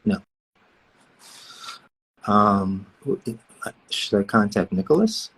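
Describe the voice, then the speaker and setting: Animated man reading fan questions. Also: on the low side, slow pace, gravelly, breathy edge. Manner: animated, playful, reads questions aloud. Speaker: voice actor at a fan autograph session.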